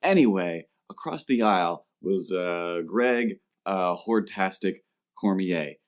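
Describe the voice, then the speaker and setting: Male podcast host, low voice, animated comic storyteller. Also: slow pace. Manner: animated, acts out quoted customers in jumpy voices. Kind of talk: comedic storytelling chat.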